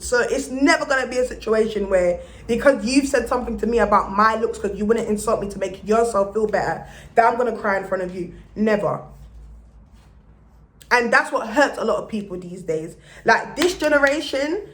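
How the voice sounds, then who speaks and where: A young woman rants to her camera about self-love, blunt and profane, dropping into Jamaican-style patois. Her voice sits slightly high, and the room around her rings with echo. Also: fairly bright tone. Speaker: vlogger. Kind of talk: motivational vlog rant. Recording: roomy echo.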